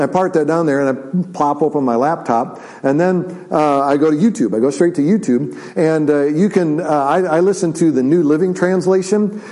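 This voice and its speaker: A man preaching a sermon as pastor, chatty, with lots of restarts and tag questions, slowing down and quieting for solemn points. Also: fairly high pitch, poor audio. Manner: conversational with repeated restarts and "right?" asides; drops to slow, quiet, drawn-out delivery for solemn points.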